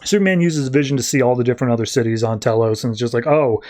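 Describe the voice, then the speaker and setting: A man in a relaxed podcast chat, retelling a comic book story in a loose, conversational way. He drops in quick, offhand voices for the characters as he goes, with a middle-pitched, everyday sound. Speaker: podcast host reviewing comics. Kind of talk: casual comic book recap.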